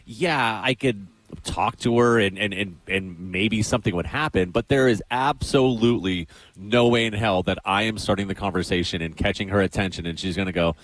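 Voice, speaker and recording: A man's voice: fairly low pitch, normal speed, fairly bright tone, low-quality recording. A young man co-hosting a radio show, rambling in an awkward, self-deprecating way with many restarts. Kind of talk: casual on-air banter.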